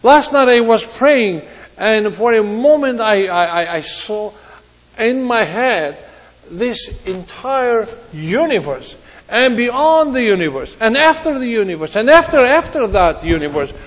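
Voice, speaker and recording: A man preaching a sermon, earnest, with pauses and restarts, his voice rising and dropping. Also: very high voice, big pitch swings, long reverb tail, low-quality recording.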